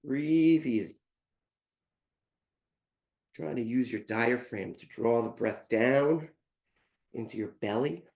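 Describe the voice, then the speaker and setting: Male fitness instructor, winded, unhurried counting and calm cues, echoey room. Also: mid-range voice, gravelly. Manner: counts reps aloud, calm step-by-step cues. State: out of breath. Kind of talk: live workout class instruction.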